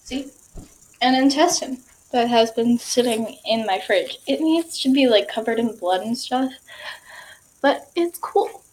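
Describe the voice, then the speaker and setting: A young woman from Michigan talking in a rambling, excitable way, with many fillers, in a casual vlog. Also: fairly high pitch, unhurried, low-quality recording. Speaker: vlogger.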